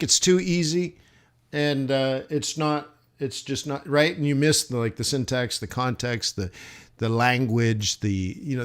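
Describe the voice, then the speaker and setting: A man talking loosely on a live trading stream, drifting between thoughts. He rambles with plenty of fillers and false starts. His voice sits at an ordinary middle pitch. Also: a bit bright. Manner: rambling, chatty, many fillers and restarts. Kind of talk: casual livestream chat. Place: southern United States.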